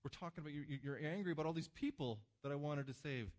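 A man preaching a sermon to a congregation, with emphatic swings between loud passages and hushed ones. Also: fairly high pitch, fast. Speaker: pastor. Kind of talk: sermon with slides.

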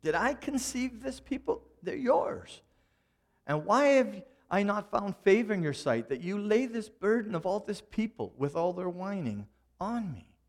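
A preacher acts out a worn-out, exasperated Moses pleading with God. The voice swings high and low as he complains. It stays close to the preacher's own voice. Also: sing-song, unhurried, heavily acted.

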